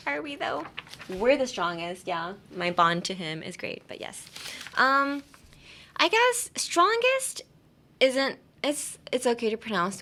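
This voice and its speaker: A woman's voice: medium pitch, animated, slow pace, pushed and bright. Giggly, chatty woman podcast host. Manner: chatty and playful, giggling often, with many fillers. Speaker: podcast host teaching English. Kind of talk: casual language-lesson podcast.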